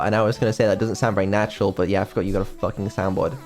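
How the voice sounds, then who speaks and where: A man's voice: lowish voice, racing, few pauses, over music. A man hosting a stream, explaining his work casually, hesitant with many ums and casual swearing. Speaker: developer and stream host.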